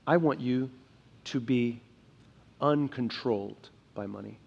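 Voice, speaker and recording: A young adult man preaching a sermon as pastor, earnest, shifting between quiet emphasis and loud, urgent passages. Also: medium pitch, slow pace, creaky, dull audio. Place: church sanctuary.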